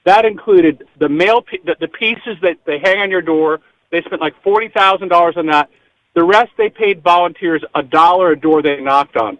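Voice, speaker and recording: A man's voice: high-pitched, normal speed, fairly bright tone, no echo, rough recording. A man running for office as a guest on a radio show, talking eagerly and at length, often repeating his words. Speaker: political candidate guest. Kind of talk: radio interview call-in.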